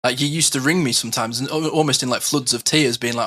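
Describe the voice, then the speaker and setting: A man's voice: medium pitch, steady tone, fast, pushed and bright. A man co-hosting a podcast, chatting casually and acting out the exchanges he describes. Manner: chatty, acts out quoted exchanges, frequent fillers. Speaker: podcast co-host.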